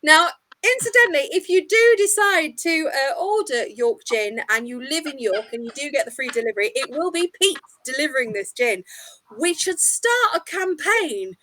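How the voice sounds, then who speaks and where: Bright, lively woman telling gory tales. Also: sits high, normal speed, a little hiss or hum. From England. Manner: jokey, lively, self-mocking. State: tipsy. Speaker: tour guide, storyteller. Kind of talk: casual storytelling chat.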